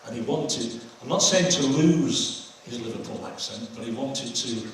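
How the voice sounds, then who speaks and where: A man's voice: mid-range voice, a little slow, slight background noise. An older man hosting an audience Q&A after a film screening, telling chatty anecdotes. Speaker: host taking audience questions. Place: screening hall. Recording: echoey hall from far off.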